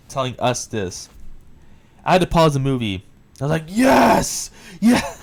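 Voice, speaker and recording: A man talks through a film scene by scene in a loose, casual review. His voice is smooth and clean, his pitch sits in the middle, and he gets worked up and swears freely as he retells it. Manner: excitable retelling, swears often. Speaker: movie reviewer.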